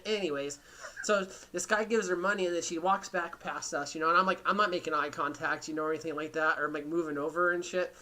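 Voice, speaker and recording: A man's voice: on the high side, steady tone, fast, sharp tone. A man hosting a podcast, telling a rambling, profane story in casual chat. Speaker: podcast host.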